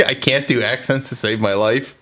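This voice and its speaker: A man's voice: medium pitch, fairly even intonation, normal speed, pushed and bright. An American man co-hosting a podcast in casual chat, teasing and joking around. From United States. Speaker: podcast co-host.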